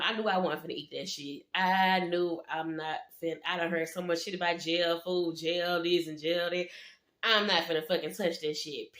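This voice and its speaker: Young woman, casual storytime, slangy and profane, slightly low voice, echoey room. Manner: slangy, profane, animated quoting.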